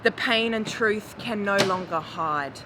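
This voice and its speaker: Woman in her forties, spoken word poet, unhurried and grave, over a noisy backdrop of traffic. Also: mid-range voice. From Australia. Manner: measured, grave delivery rising to impassioned calls. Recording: noisy recording with traffic ambience.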